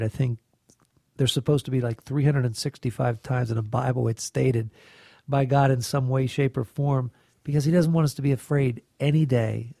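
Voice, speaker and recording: A man's voice: mid-range voice, creaky, mellow, no echo, clean studio sound. A man earnestly sharing a faith reflection, telling a story with emphasis. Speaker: reflection participant.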